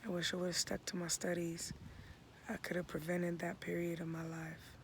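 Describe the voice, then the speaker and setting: A man in his thirties talking in a laid-back, reflective vlog into a phone outdoors at home, often dropping into soft half-whispers. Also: high-pitched, completely flat delivery, moderate pace. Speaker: vlogger. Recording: noisy outdoor recording.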